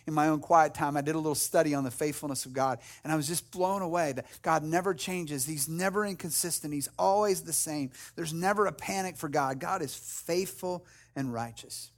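A man's voice: fairly high pitch, fairly quick, few pauses. A man preaching a sermon as a pastor, earnest, acting out prayers and little dialogues, often restarting phrases.

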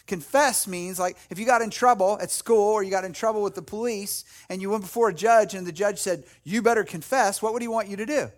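A man's voice: high voice, quick pace, few pauses. A man preaching a sermon as a pastor, earnest, acting out prayers and little dialogues, often restarting phrases.

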